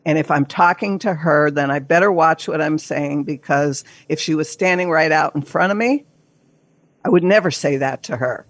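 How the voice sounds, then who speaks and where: A woman's voice: low-pitched, normal speed, no echo. An older woman, a therapist and coach, speaking as a podcast guest in an earnest, emphatic coaching tone, sometimes acting out inner voices. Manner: acts out inner voices in quotes. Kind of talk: podcast interview.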